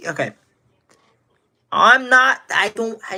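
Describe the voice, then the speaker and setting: A man's voice: on the high side, expressive, normal speed, sharp tone, a little hiss or hum. A nineteen-year-old man from Indiana, livestreaming casually, rambling and greeting viewers in chat by name. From Indiana, USA. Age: teens.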